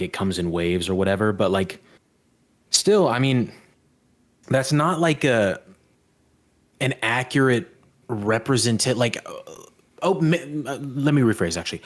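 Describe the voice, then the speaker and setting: A man co-hosting a podcast, reviewing a film in casual chat, hesitant and often restarting his sentences. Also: medium pitch. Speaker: podcast co-host.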